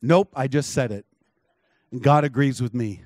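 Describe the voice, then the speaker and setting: Man as a calm, sure prophet. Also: mid-range voice, moderate pace, no echo, close to an everyday voice. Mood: matter-of-fact. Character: calm confident male prophet.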